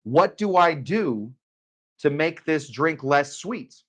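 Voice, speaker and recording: A frantic grown man on a late-night call, pleading for help in a raised, drawn-out voice, as a host puts him on. He sounds anxious and begging, and his words come slowly. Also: fairly high pitch, lively intonation, fairly bright tone, pitched above the performer's own voice, full character voice.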